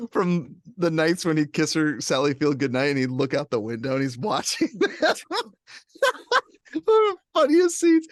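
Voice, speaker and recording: A man talks through his favorite film scenes with friends, jumping into voices to quote them. His voice sits at a middle pitch. The sound is dry and close to the mic. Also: no room sound. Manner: animated, laughs often, quotes scenes in voices. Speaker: podcast co-host. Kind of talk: casual movie discussion.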